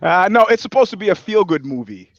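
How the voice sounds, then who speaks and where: A man's voice: sits high, very animated, brisk, dry recording, highs cut off. A man co-hosting a podcast, chatting casually and jokingly and going off on mock-scolding rants. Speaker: podcast co-host. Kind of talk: casual comedic chat.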